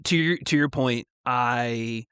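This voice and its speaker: A man co-hosting a podcast in casual chat, giving measured, articulate opinions. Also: medium pitch, pushed and bright, clean tone, no echo, studio quality. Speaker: podcast co-host.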